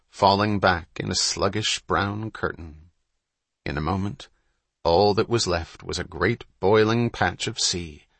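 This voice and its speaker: Slow, husky male audiobook narrator. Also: fairly low pitch, a bit bright, no room sound. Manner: measured, unhurried storytelling. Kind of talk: scripted narration.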